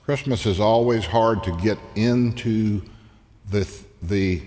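A male pastor delivers a sermon at an unhurried, measured pace, letting his voice climb whenever he quotes scripture. His voice carries a long reverb, as if recorded in a large hall. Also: warm tone. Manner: slow, deliberate preaching that rises in pitch on quoted scripture.

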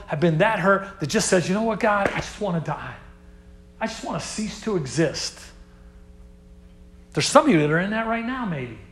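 Young male youth pastor with a high voice. Casual sermon, loud stressed lines that drop to hushed asides. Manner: swings between loud emphasis and hushed, dropped asides; casual, talks to the audience as dude and man.

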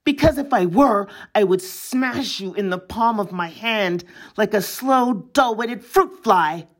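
A woman's voice: mid-range voice, big pitch swings, moderate pace, slightly rough. A woman voicing a fierce, defiant, injured young girl who talks through gritted teeth in a storybook reading.

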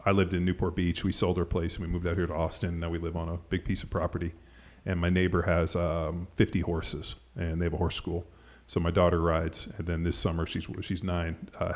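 A man's voice: low voice, a little mellow. A middle-aged man hosting a podcast, chatting in a rambling way full of "like" and "you know", and laughing easily. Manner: rambling, filler-heavy, lots of "like". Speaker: podcast host. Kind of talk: casual chat.

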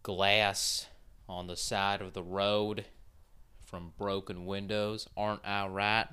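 A man's voice: on the low side, little pitch movement, slow, sharp tone, clear, resonant tone. A young man hosting a solo podcast, rambling casually with lots of swearing and filler words. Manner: rambling and profane, full of fillers. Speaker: podcast host.

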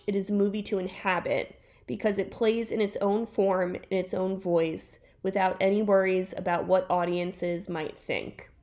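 Woman cohost on a zoom call reading a review out loud, trips on words, laughs a lot. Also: medium pitch. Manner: stumbles and restarts while reading, laughs easily. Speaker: podcast co-host. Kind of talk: casual chat, reading a review aloud. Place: home, on a video call. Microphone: video call.

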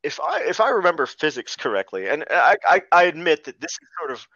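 A man's voice: fairly high pitch, big pitch swings, fairly quick, pushed and bright, dry recording, lo-fi sound. A man co-hosting a casual movie podcast, rambling and laughing as he retells scenes. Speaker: podcast co-host. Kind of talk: casual movie review chat.

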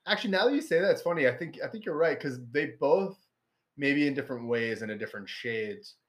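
A man co-hosting a podcast, talking casually and animatedly about a film with lots of fillers. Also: fast. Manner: animated, swings up in pitch when excited, many "like" fillers. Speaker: podcast co-host. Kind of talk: casual film review chat.

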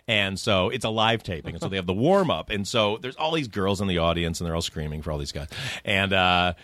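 A man's voice: sits low, brisk, no echo. A middle-aged man, a film director guest, chatting casually and acting out quotes as he tells stories. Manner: animated storyteller, acts out quotes. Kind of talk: casual podcast chat.

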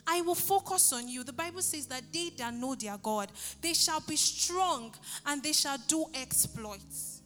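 A woman's voice: extremely high pitch, pushed and bright, long reverb tail. A woman, preaching a sermon and leading an altar call, pleading fervently and repeating her phrases. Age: 30s.

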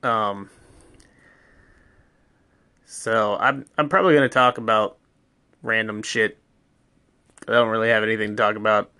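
A man in his thirties hosting a casual solo podcast at home, rambling and swearing through a deadpan mock ad with pets around him. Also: on the low side, measured pace, long pauses, clean tone, no echo. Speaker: podcast host.

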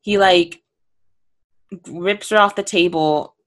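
A woman's voice: fairly low pitch, steady tone, slow pace, a bit bright. A woman co-hosting a podcast, chatting casually about a movie in a rambling way, full of "like". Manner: rambling, frequent "like", laughs a lot. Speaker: podcast co-host. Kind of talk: casual movie review chat.

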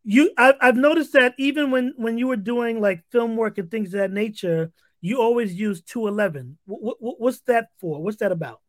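A male podcast host who talks excitedly, stammering and restarting his sentences often. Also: extremely high pitch, moderate pace, no echo. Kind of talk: casual interview talk.

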